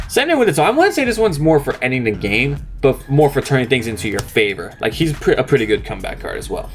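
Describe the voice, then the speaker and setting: Upbeat young man, lively voice. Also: mid-range voice. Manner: upbeat, chatty, explains step by step. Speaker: card game channel host. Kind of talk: casual deck profile walkthrough.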